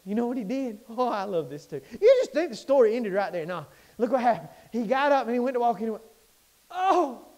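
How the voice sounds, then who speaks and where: High-pitched, animated preacher man. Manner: impassioned preaching, swings between loud and hushed. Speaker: pastor. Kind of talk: sermon. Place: church sanctuary.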